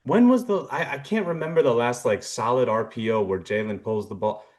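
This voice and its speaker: A man's voice: mid-range voice, fairly quick. A young man co-hosting a casual sports podcast, telling stories animatedly and mimicking what players said. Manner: animated storyteller, mimics others. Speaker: podcast co-host.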